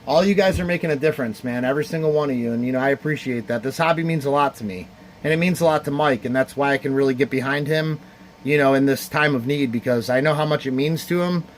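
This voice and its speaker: A man's voice: medium pitch, quick pace, a little hiss or hum. A man from the Cleveland area hosting a casual livestream charity card auction, heartfelt and rambling as he thanks viewers by name. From Cleveland area, United States.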